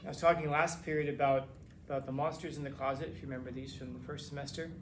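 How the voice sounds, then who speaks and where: A man's voice: mid-range voice, steady tone, fast talker, echoey room, a little hiss or hum. A man teaching a classroom lecture in a casual, conversational way, often repeating words as he searches for phrasing.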